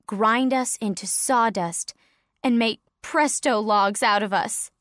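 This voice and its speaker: A woman's voice: fairly high pitch, slow, a bit bright, no echo, clean studio sound. A woman voicing a fussy mother pine tree with prim, old-fashioned genteel phrasing.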